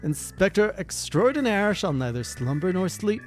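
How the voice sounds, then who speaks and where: A streamer plays a self-important gentleman inspector who declaims every line. His delivery is flowery and theatrical, with a lively swing in pitch. Faint game music sits behind him. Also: normal speed, close to an everyday voice. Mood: grandiose. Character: pompous gentleman inspector, grandiose.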